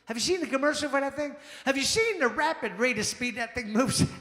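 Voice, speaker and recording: Man, stand-up comedian, high lively voice, echoey lounge with long reverb. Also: fairly quick. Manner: animated, exclamatory, acts out quoted people. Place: jazz lounge stage.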